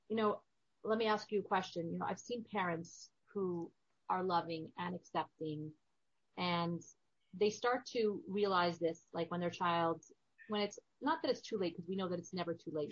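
A woman's voice: on the low side, normal speed, no echo, dull audio. Attentive woman interviewer, dry close sound. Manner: attentive, responsive, stammers when moved. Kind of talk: interview talk.

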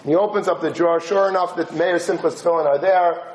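A man with a high voice tells a story to listeners, acting out each character's lines as he goes. His speed shifts from quick bursts to slow, stretched phrases. The sound carries a roomy echo. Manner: animated, acts out dialogue with shifting voice and pace. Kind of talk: spoken religious story.

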